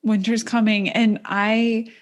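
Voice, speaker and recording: A woman chatting casually as a guest, relaxed and candid. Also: fairly high pitch, slow. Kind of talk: casual conversation.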